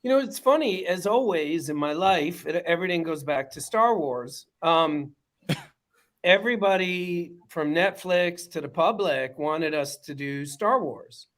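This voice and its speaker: Animated New York man, high voice. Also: unhurried. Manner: animated, joking storyteller. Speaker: guest, documentary director. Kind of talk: casual video-call interview. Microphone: video call.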